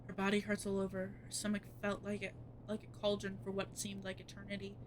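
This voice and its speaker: A woman streamer reading a horror game's narration aloud in a measured, ominous way. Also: mid-range voice, completely flat delivery, noisy background.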